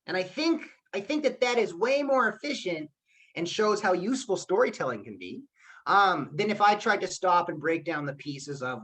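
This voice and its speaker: A male teacher leading a live class over a video call. He talks in a loose, chatty way and keeps checking in with his students with a quick "okay?". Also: high-pitched, animated, a bit bright. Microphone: computer mic on a video call.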